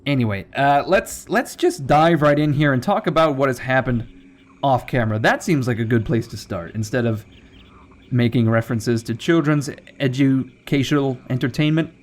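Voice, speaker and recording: A man's voice: mid-range voice, normal speed. A man giving casual gameplay commentary, rambling off on jokey tangents with profane asides. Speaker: let's play commentator.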